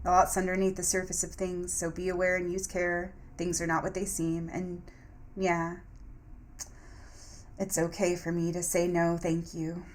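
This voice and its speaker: A woman's voice: fairly low pitch, level tone, unhurried. A woman speaking in a reflective spoken-journal style, reciting affirmations and sometimes breaking into blunt, profane venting. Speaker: spiritual vlogger.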